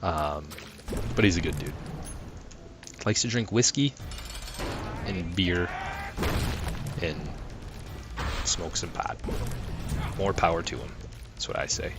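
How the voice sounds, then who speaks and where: A young man with a low, deep voice chats loosely while he plays, telling stories and cursing freely. He swings between flat, offhand remarks and sudden angry bursts at the game. Loud music plays clearly under his voice. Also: slow pace, long pauses. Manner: swears a lot, rambling, flares into angry outbursts. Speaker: gaming channel host. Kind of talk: casual gameplay commentary. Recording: music playing loudly behind.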